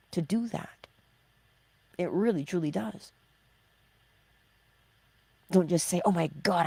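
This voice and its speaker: Female inspirational host, husky, dry close sound, questions and answers herself, lively swings in pitch. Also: no echo. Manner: asks rhetorical questions and answers them herself; drops into hushed, whispered emphasis. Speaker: host of a morning inspiration livestream. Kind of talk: motivational spiritual talk.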